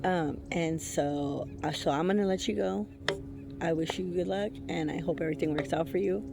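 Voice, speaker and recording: A woman's voice: fairly low pitch, moderate pace, gravelly, over loud music. Blunt, swearing woman telling a story. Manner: blunt, profane, laughs often; rambling with many fillers and restarts. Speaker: intuitive reader. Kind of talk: casual storytime vlog.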